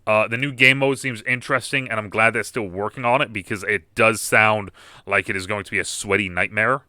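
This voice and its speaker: A young man gives casual reaction commentary on a game, rambling through ums, half-finished thoughts and restarts. His voice sits a little low but sounds bright and crisp. The recording is close and dry. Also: steady tone, brisk, no room sound. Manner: rambling, frequent fillers and restarts. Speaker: gaming YouTuber reacting to a game panel.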